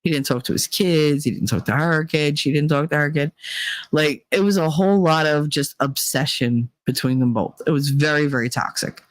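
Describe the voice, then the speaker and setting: A woman's voice: deep voice, moderate pace, no room sound. A middle-aged woman hosting a casual chat stream, telling candid, profane stories and acting out the people in them. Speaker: livestream host.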